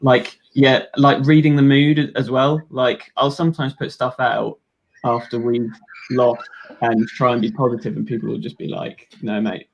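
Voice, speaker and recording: A husky-voiced young man chats loosely about football numbers, often restarting his sentences and poking fun at himself. His delivery is relaxed and conversational. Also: medium pitch, normal speed, lo-fi sound. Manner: rambling, self-deprecating, frequent restarts. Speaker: guest, runs a football stats account. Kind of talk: casual chat.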